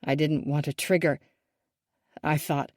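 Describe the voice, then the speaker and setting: A woman voicing a remorseful father who pleads softly through tears. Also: sits low, fairly even intonation, a little slow, no echo, studio quality. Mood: regretful. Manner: soft, pleading, regretful. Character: remorseful middle-aged father, tearful and pleading.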